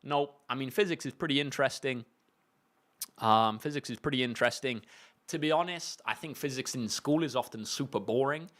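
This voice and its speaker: A man's voice: mid-range voice, fairly quick. Chatty young British man, tutor livestream. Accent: British English. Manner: relaxed, chatty, many fillers and restarts. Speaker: maths tutor. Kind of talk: casual livestream Q&A.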